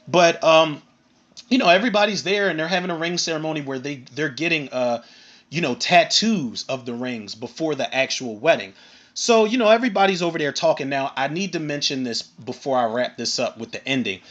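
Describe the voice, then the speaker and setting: A man recapping and reviewing a TV episode in a casual, animated and profane way, acting out bits of dialogue. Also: on the high side, dull audio. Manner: animated, profane, retells scenes with acted quotes. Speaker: film and TV reviewer.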